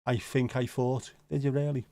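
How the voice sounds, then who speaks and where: A man's voice: mid-range voice, flat delivery, normal speed, warm tone, no room sound, studio quality. A man with a Scouse accent hosting a casual livestream, rambling and joking as he answers viewer comments, swearing now and then. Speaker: livestream host.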